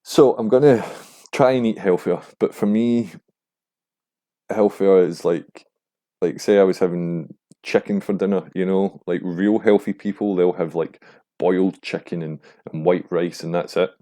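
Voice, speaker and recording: A young man hosting a podcast, rambling casually and swearing, getting animated when he mimics other people. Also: low voice, measured pace. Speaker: podcast host. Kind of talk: casual monologue.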